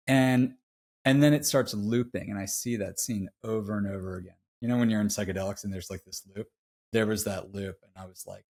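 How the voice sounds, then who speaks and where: A middle-aged man appears as a podcast guest, sharing a personal story in a relaxed, slangy way that turns heartfelt and confessional, often dropping "dude." His mid-range voice has a darkish tone, fitting the casual interview storytelling.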